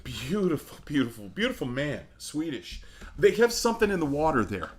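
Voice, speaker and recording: A middle-aged man, an opera singer, telling stories in a casual interview, animated and laughing often. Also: a little high, normal speed.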